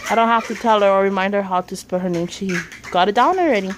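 A woman's voice: mid-range voice, fast talker, a little hiss or hum. A woman in a casual home vlog, chatting straight to her viewers through a handheld camera. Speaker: vlogger.

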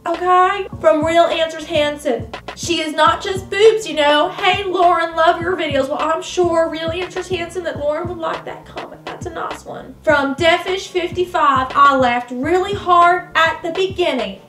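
Actress doing a high-pitched, sassy Southern US vlogger, indignant comedy character, echoey room, faint music behind. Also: female voice, measured pace, few pauses, fairly bright tone. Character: brash Southern woman vlogger, touchy and boastful. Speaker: vlogger answering comments.

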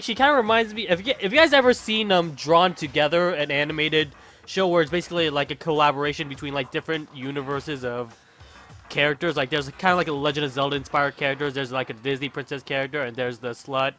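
A man's voice: a little high, fast talker, bright, forceful tone, soft background music. A man hosting a let's-play, reading and voicing a game with rambling asides, swearing and laughing between lines. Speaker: gaming channel host.

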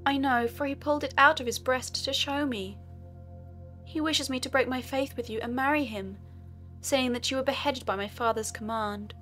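A woman voicing a gentle, resolute young princess in a sorrowful, measured way. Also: high-pitched, steady tone, faint music behind.

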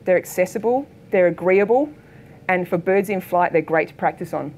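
Lively Australian woman telling stories on stage. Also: fairly low pitch, normal speed, slight background noise. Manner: lively storytelling, acts out quoted voices. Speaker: keynote speaker and photographer. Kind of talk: presentation talk with anecdotes. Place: lecture hall.

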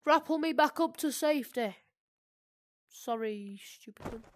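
A young woman giving chatty, excitable commentary while playing a VR game, swinging from muttering to sudden shrieks. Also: sits high, measured pace. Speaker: gaming video creator. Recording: noisy gameplay recording.

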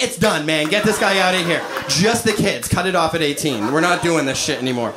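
A man in his thirties doing a stand-up comedy set, animated, acting out quoted voices and laughing at his own jokes. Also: high-pitched, fairly quick, few pauses, music in the background. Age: 30s. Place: live comedy venue with audience. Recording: live stage recording with audience noise.

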